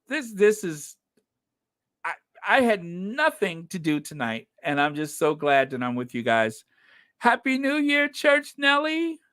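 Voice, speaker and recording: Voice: medium pitch, fairly bright tone, dry recording, studio quality. A live-stream host in casual chat, effusive and grateful, laughing often while thanking viewers. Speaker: livestream host reading viewer messages.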